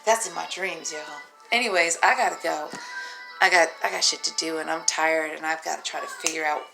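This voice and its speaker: A woman's voice: sits low, steady tone, fairly quick, gravelly, pushed and bright, soft background music. A tired single mother talking straight to her phone camera in a raw, profane, rambling vlog, laughing to herself between thoughts. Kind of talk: raw unscripted vlog monologue.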